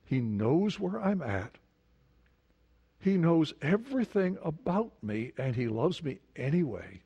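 Guy preaching in a church, kinda high voice, asks the crowd stuff, echo trails off in the hall. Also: sing-song, mellow, slightly rough, lo-fi sound. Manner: conversational preaching with questions to the congregation; repeats words, emphatic slow stresses. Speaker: pastor. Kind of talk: sermon. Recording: long hall reverb.

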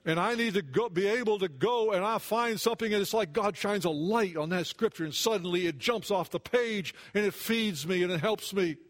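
A male pastor delivers a sermon in a high, light voice. He talks earnestly to his congregation, often sinking into near-hushed tones before rising again. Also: fairly quick, hardly any pauses. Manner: earnest, swings between hushed and raised.

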